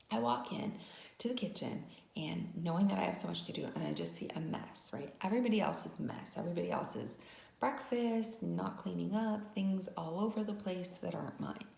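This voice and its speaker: A woman's voice: on the low side, gravelly, mellow, roomy sound. A woman vlogger telling a personal story as a lesson, talking conversationally with frequent "right?" asides. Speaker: wellness vlogger.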